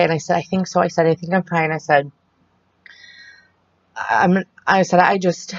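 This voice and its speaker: A young woman telling a frightening personal story in a halting way, often quoting what people said to her. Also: lowish voice, no room sound. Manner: halting, retells the scene with quoted dialogue. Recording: dull, muffled dry sound.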